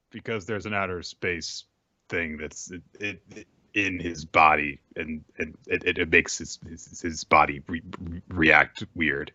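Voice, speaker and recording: A man's voice: sits low, fairly even intonation, unhurried, bright, forceful tone, dry recording. A man co-hosting a podcast, recapping a manga chapter casually with many fillers and restarts. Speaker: podcast co-host. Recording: dull dry lo-fi recording.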